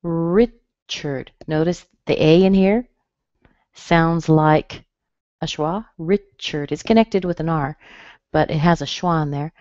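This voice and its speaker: Speaking through a computer mic, a woman with a low, somewhat mellow voice leads an online pronunciation class, slowly and patiently repeating each word as a drill. The webinar audio is muffled, dull and dry, with no room sound.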